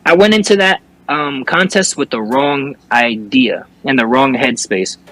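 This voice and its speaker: A man's voice: mid-range voice, measured pace, pushed and bright, low-quality recording. A young man, a rapper telling a story as an interview guest in casual chat, cursing often and restarting his sentences. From New York.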